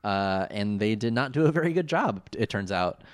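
Low, dry-voiced man chatting casually. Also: expressive, normal speed, no echo. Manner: rambling with many fillers and laughs. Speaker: podcast co-host. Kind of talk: casual chat recapping an anime.

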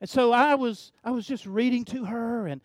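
An older man preaching a sermon, telling a family story in a folksy way, often repeating words and swinging from hushed to loud. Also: extremely high pitch, normal speed, dry recording, studio quality. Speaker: pastor.

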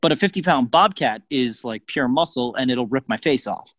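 Male podcast co-host, mid-pitched, hamming up stories in a dry, close recording. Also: expressive, normal speed, fairly bright tone, no echo. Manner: jokey, exaggerated storytelling. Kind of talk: casual comedic chat.

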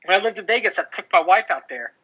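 A man's voice: high-pitched, lively intonation, fast talker, bright, forceful tone, husky. A middle-aged man chatting casually on a podcast, telling rambling stories full of restarts and "dude". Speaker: podcast co-host. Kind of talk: casual chat. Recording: dull lo-fi audio.

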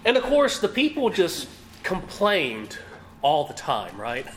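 Man, preacher, teaching sermon, rhetorical questions, high lively voice. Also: slow pace, a little hiss or hum. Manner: animated, rhetorical questions, acts out quotes.

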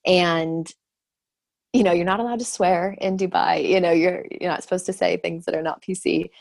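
A woman in her thirties telling a story in casual chat, animated and laughing often, acting out the voices she quotes. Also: fairly low pitch, moderate pace, vocal fry. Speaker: guest sharing her birth stories.

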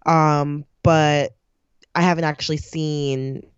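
A woman co-hosting a casual chat show, relaxed, slangy and upbeat. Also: low-pitched, takes it slowly, clean tone, no echo. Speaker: co-host. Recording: dull lo-fi dry sound.

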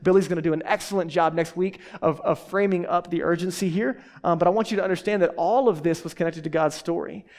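A pastor in his thirties from Texas, preaching a sermon with fast-talking, animated storytelling. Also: high voice.

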